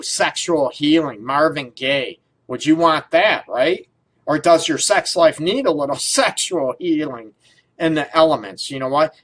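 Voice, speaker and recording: A male radio host riffs casually into a studio mic, his voice sitting a little on the high side. He rambles through loose questions, padding them with fillers and breaking into chuckles. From Detroit area. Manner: rambling, full of fillers, laughs often. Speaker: radio show host, relationship counselor.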